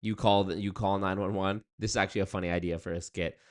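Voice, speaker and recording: Chatting casually with his viewers on a livestream, a young man rambles and swears while reacting to chat. He has a deep voice with a steady tone and talks fast.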